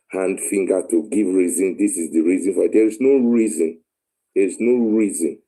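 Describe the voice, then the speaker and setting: A deep, very dark-toned Nigerian man speaks as a caller in a live online discussion. He talks in a measured, halting way, pausing on fillers as he makes an earnest appeal. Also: husky, low-quality recording. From Edo State, Nigeria.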